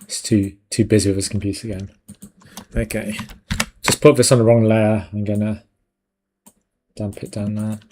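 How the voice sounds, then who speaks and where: A man's voice: fairly low pitch, flat delivery, normal speed, pauses often, a little mellow, slight background noise. A man hosting a live stream, chatting casually and jokingly with viewers while he works, laughing often. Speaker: 3D art stream host.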